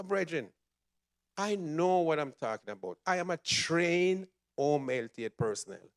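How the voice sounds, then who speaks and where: Man giving an animated church testimony. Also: on the high side, unhurried. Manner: animated storytelling, acts out quoted voices. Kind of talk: spoken testimony. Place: church sanctuary.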